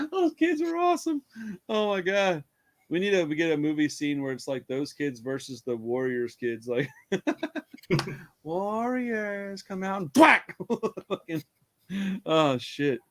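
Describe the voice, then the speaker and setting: Excitable, foul-mouthed man reviewing a movie. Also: a little high, a little slow. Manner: excitable, swears a lot, laughs often, acts out scenes. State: hyper and tired. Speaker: podcast co-host. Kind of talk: casual movie review chat.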